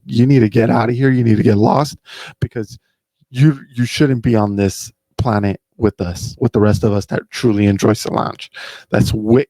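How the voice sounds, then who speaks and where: A man's voice: mid-range voice, mellow, no room sound. A young man hosting a podcast, rambling casually and profanely, saying "bro" and "dude" constantly. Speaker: podcast host.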